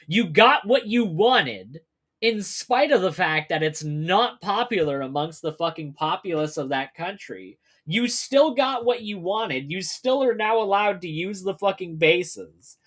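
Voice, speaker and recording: A man's voice: fairly high pitch, expressive, a little slow, fairly bright tone. Ranting, profane male streamer. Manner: ranting, heavily profane, loose with fillers. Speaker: livestream host. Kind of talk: political commentary livestream, reading articles aloud.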